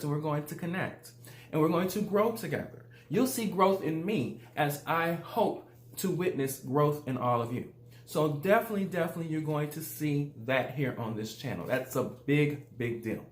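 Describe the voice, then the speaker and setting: A man's voice: fairly high pitch, roomy sound. A man from Louisiana with a Southern accent, hosting his life coaching channel in an upbeat, casual motivational talk that uses a lot of repetition. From Louisiana, USA.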